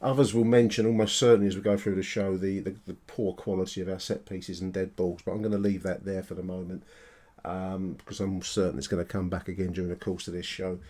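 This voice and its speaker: Deep low voiced guy hosting a podcast, chatty, lots of ums. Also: fast. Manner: chatty, relaxed, with fillers. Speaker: podcast host. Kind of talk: casual podcast talk.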